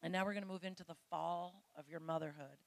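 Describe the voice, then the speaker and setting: A woman's voice: lowish voice, steady tone, quick pace, creaky. A middle-aged woman, a pastor's wife, giving a conversational sermon to her church, full of family stories and told in a chatty, candid way. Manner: chatty and candid, with laughs and mimicked voices.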